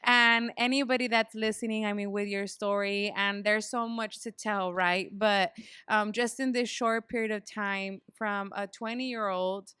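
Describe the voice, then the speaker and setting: A woman hosting a podcast, asking guiding questions and affirming her guest. Her voice is bright and crisp, a touch high, recorded dry and close. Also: fairly even intonation, unhurried, no room sound. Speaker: host. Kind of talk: casual chat, interviewing.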